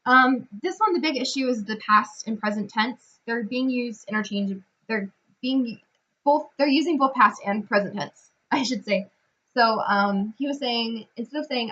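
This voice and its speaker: A young woman speaks with a bright, somewhat high voice, talking through classroom pronunciation examples in a relaxed way. She fills pauses with ums and restarts her sentences often. The recording is dull and lo-fi. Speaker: student teacher giving a field report.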